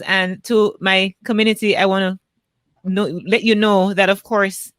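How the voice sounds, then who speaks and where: A woman's voice: medium pitch, a bit bright, dry recording. A woman with a Jamaican accent hosting a podcast, earnestly thanking her guest and addressing her community. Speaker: podcast host. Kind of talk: interview closing.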